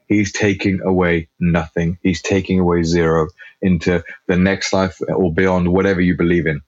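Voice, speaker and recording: Animated chatty man, low voice. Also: no echo, lo-fi sound. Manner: animated, chatty, many fillers and restarts. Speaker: podcast guest. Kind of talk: casual podcast chat.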